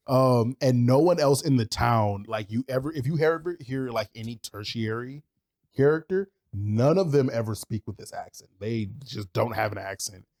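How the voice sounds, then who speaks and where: A man's voice: medium pitch, big pitch swings, measured pace. A man co-hosting a podcast in casual chat, rambling with lots of fillers and swearing. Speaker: podcast co-host.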